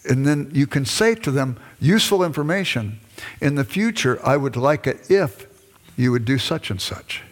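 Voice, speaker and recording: An older man giving a classroom lecture, animated and conversational, with self-deprecating asides. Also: mid-range voice.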